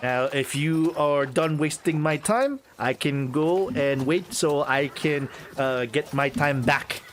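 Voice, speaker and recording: Guy doing a stuck-up french rich boy, high and drawn out, bit of background hiss. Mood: haughty. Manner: haughty, drawn-out. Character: arrogant young French male heir, pompous.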